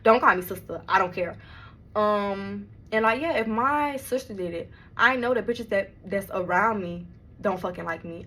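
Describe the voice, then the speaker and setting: A woman's voice: mid-range voice, a bit bright. Blunt, emphatic young woman vlogger. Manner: blunt and emphatic, heavy swearing. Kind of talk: storytime vlog.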